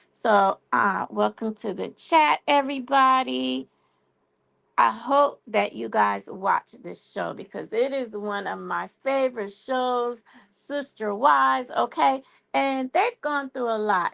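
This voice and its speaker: Woman chatting on her phone stream, real gravelly and creaky, kinda high voice. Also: a bit bright. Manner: chatty, keeps saying y'all and okay. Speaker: live stream host. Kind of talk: casual chat about a TV show.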